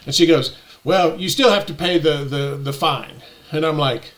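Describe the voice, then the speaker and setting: A man casually telling a personal story, animated and indignant as he acts out the exchanges. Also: fairly high pitch, moderate pace. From United States.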